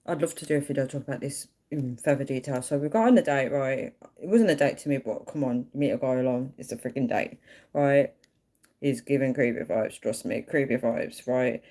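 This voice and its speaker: A young woman telling a story casually on a livestream, chatty and animated. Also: extremely low pitch, brisk. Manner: chatty, animated, acts out quoted voices. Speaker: live streamer.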